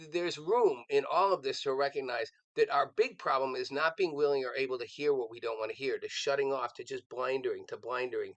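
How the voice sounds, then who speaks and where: A man's voice: medium pitch, vocal fry, no room sound, poor audio. A man giving earnest political commentary on a live show, rambling with restarts and repeated words.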